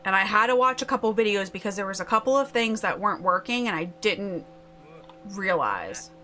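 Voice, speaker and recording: Woman, game streamer, live stream chat, excitable, swooping pitch, faint music behind. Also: brisk. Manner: chatty, yelling excitedly at the game.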